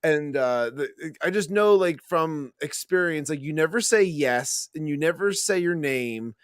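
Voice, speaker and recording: Podcast cohost guy, kinda higher voice, halting chatty storytelling, dry sound. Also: animated, no room sound. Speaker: podcast co-host. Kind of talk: casual podcast chat.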